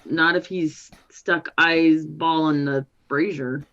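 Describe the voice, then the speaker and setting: A woman playing a tabletop game, giggly and playful. She speaks slowly. Her voice comes through a dull, muffled recording. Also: sits low, steady tone, a bit bright. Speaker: player. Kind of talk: casual tabletop play.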